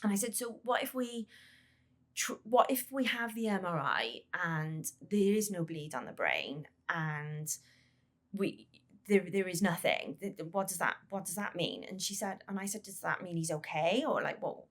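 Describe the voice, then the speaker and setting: In a podcast interview, a woman whose child has a brain injury tells her story haltingly, repeating words and acting out the dialogue she remembers. Her voice is fairly low and animated.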